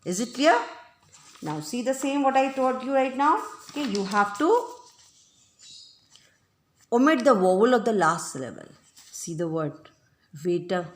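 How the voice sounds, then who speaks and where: Slow, lively-pitched woman teacher, echoey. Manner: slow and deliberate, repeating points and checking understanding. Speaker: English teacher. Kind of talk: grammar lesson. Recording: echoey room.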